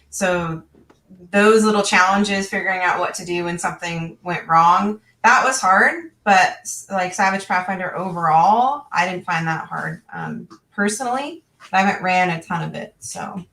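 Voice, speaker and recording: A woman's voice: on the low side, sharp tone. A woman, a newer game master, chatting casually on a panel with frequent ums. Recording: echoey room, distant mic.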